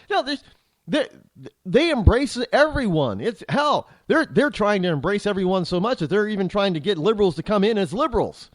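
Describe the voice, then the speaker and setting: A man's voice: sits high, sing-song, moderate pace, no room sound. A man hosting a talk show, delivering a rambling, indignant political commentary monologue full of restarts and repeated words.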